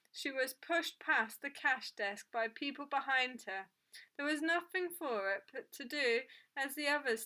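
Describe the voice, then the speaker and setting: Bright-voiced woman reading a storybook. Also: a little high. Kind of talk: reading a children's book aloud.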